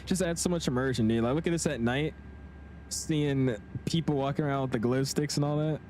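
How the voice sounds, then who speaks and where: A man's voice: medium pitch, brisk, a little mellow. Young male streamer, laid-back and chatty, faint background hum, flight sim commentary. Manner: laid-back, chatty, slangy, reads chat aloud. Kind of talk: casual live-stream commentary.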